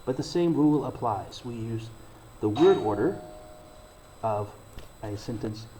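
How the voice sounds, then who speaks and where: A man giving a recorded English grammar lesson, explaining slowly and deliberately and reading out example sentences. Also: medium pitch, animated, rough recording. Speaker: English teacher.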